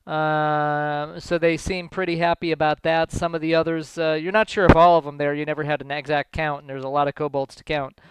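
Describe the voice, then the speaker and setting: Smooth-voiced male game master. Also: a little high, level tone, a little fast, hardly any pauses, no echo, poor audio. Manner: hesitant, with many fillers. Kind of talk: narrating a tabletop game.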